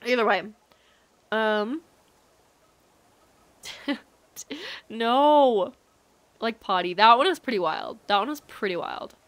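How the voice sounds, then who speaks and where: Chatty girl streamer rambling at chat while she plays, lots of likes and ums, kinda high voice. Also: lively intonation, takes it slowly, pauses often, dry recording. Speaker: livestreamer. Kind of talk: casual chat while gaming.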